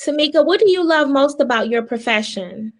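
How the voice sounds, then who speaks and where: An earnest woman hosts a podcast in a fairly high voice. She speaks in a reflective, sincere way as she shares her own thoughts. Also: animated, a little fast. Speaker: podcast host. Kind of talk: casual interview talk.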